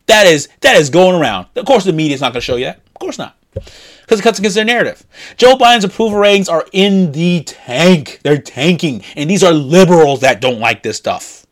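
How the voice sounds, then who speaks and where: A man hosting a solo commentary show, ranting and repeating himself as he reads and reacts to news items. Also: high voice. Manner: ranting, repetitive, rising to loud indignant peaks.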